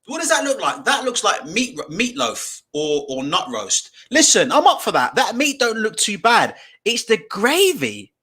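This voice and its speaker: A man live streaming and reacting to pictures from his computer. He talks in an animated way, swears freely and laughs often. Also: high-pitched, a little slow.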